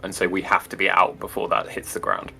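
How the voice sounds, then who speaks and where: Low male player, crisp edgy tone, dry delivery. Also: big pitch swings, a little fast, pushed and bright, faint music behind. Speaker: tabletop game player. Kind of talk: casual in-character play.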